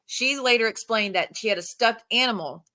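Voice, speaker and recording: A woman hosts a casual livestream, her voice bright and forward. She tells the story in a loose, rambling way, blunt and peppered with swearing. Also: fairly high pitch, brisk. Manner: rambling, frank storytelling with profanity. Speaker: livestream host. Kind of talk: casual chat.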